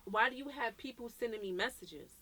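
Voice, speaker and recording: Animated woman telling a story. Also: on the high side, fairly quick, a loud crowd. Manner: animated, acts out quoted dialogue, swears freely. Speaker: podcast co-host. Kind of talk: casual chat, storytelling.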